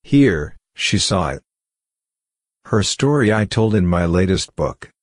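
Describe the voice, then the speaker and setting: Low-voiced male lecturer, emphatic sermon delivery with a dry, close sound. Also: sing-song, takes it slowly, no echo. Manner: emphatic, with repeated rhetorical questions. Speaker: spiritual lecturer. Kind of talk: spoken spiritual lecture.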